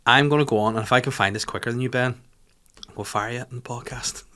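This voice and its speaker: A man hosts a podcast from a small studio, talking in a casual, comedic way. He rants and jokes with lots of swearing. His delivery is animated and sits at a middle pitch for a man. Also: fast. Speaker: podcast host.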